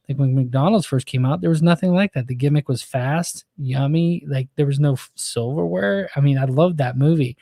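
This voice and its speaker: Mellow-voiced man hosting a casual interview. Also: a little high, no room sound, studio quality. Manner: casual, rambling, lots of fillers. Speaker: host.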